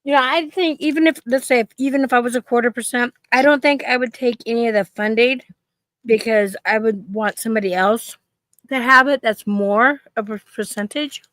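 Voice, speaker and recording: This woman in her fifties co-hosts a stream, chatting casually and telling rambling stories punctuated by frequent laughter. Her voice is fairly high and a bit bright, she talks fairly quickly, and the recording is dry.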